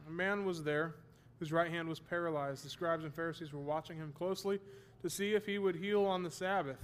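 A man's voice: fairly high pitch, steady tone, fairly quick, clean tone. A man teaching a Bible study class, explaining terms and checking that his students follow, with the odd self-deprecating joke.

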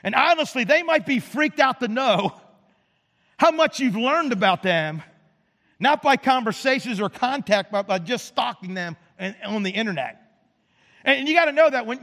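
A man's voice: extremely high pitch, a bit bright. A man in his fifties preaching a sermon with an emphatic, dramatic delivery. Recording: long hall reverb.

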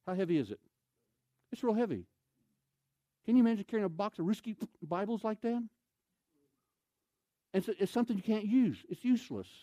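A man's voice: high-pitched, animated, fairly quick, pauses often, dark tone, no echo. A man preaching a storytelling sermon, acting out scenes and throwing questions to his audience.

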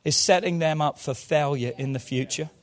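A man preaching a sermon in a church service, moving fervently from quiet low asides to loud shouted calls. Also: normal speed. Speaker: pastor.

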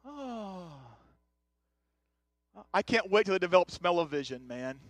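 High-voiced joking pastor man. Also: big pitch swings, unhurried, no echo, clean studio sound. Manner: joking, chatty, talks straight to the congregation. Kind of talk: conversational sermon. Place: church sanctuary.

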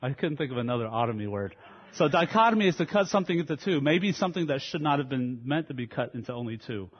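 Earnest preacher in an echoey hall. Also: male voice, mid-range voice, animated, fast, slightly rough. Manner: earnest, explains words conversationally. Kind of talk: sermon with opening prayer. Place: church sanctuary. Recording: echoey hall, dull lo-fi sound.

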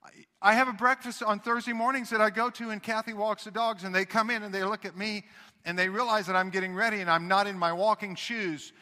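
A man preaching a sermon as pastor, talking conversationally and swinging between loud emphasis and hushed asides. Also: high voice, steady tone, brisk, long reverb tail.

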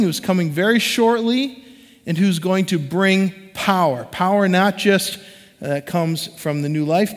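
A man in his forties preaching a sermon as a pastor, conversational and animated, acting out the voices he quotes. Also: high-pitched, long reverb tail.

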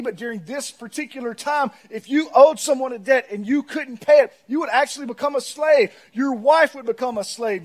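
A male pastor, preaching a sermon. He swings between loud, emphatic preaching and quiet, reflective storytelling. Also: very high voice.

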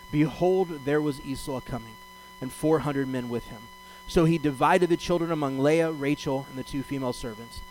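A man's voice: fairly high pitch, poor audio. A man preaching a sermon as a rabbi, conversational, asking rhetorical questions and acting out voices from the scripture. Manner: animated, acts out the voices of God and Jacob in paraphrase.

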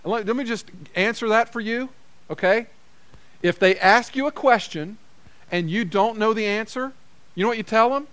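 A man's voice: high-pitched, normal speed, fairly bright tone, smooth. A man preaching a sermon as a pastor, in a conversational way, repeating phrases for emphasis. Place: church.

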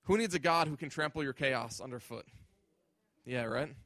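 A man's voice: mid-range voice, moderate pace, fairly bright tone, no room sound. A male pastor preaching a sermon with emphasis, often acting out imagined voices.

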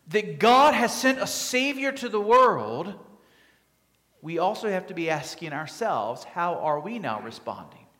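A man's voice: on the high side, a bit bright. Man preaching in a reverberant church. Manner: conversational, with fillers and restarts. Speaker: pastor. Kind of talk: sermon. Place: church sanctuary. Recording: long hall reverb.

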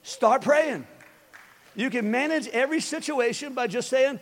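High-voiced preacher in a reverberant hall. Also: male voice, lively intonation, measured pace. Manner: conversational preaching, repeats key phrases. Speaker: pastor. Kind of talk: sermon.

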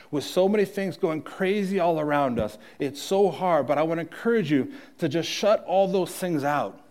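A man preaching, who wraps up a sermon and leads a prayer in a soft, earnest voice and repeats his questions. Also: mid-range voice. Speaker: pastor.

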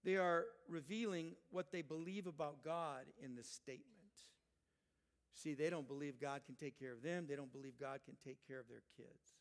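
An older man, a grandfather, preaching a sermon; he speaks emphatically, rising loud when voicing people and dropping soft for reflective asides. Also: fairly high pitch, normal speed. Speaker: pastor.

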